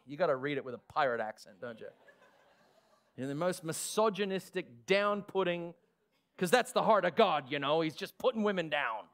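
A male pastor with an Australian accent preaching a sermon, lively with sarcastic asides. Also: fairly high pitch, normal speed.

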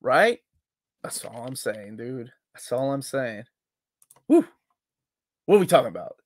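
A man co-hosting a live comics talk stream, relaxed and joking, loudly greeting people in the chat. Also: mid-range voice, measured pace. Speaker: co-host of a live comics show.

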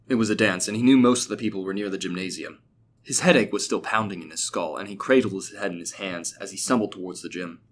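Guy reading a story, low voice, even and steady, bit of rumble in the back. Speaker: narrator. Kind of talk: scripted story narration.

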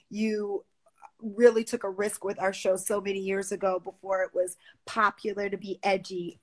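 A woman's voice: fairly high pitch, sharp tone. A woman hosting a casual live stream on a phone, talking in a gushing, effusive way.

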